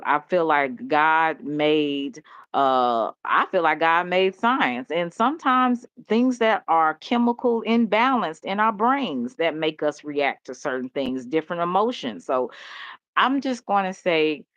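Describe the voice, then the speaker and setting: A woman's voice: low-pitched, lively intonation, slow pace, a bit bright, no echo, muffled recording. A woman host talking candidly in a rambling casual chat, laughing often. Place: home.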